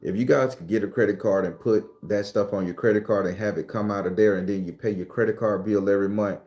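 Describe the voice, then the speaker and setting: A man hosting a casual livestream, talking loosely, cursing freely and answering viewer comments, sometimes breaking into loud, high ranting. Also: fairly even intonation, fast. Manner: swings into loud, high-pitched ranting at times. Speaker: livestream host.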